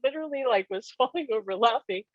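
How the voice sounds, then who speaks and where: A woman speaking as a psychic medium guest, telling personal stories in an animated way, laughing often and acting out the dialogue she recounts. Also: fairly high pitch, fast, no room sound, dull audio.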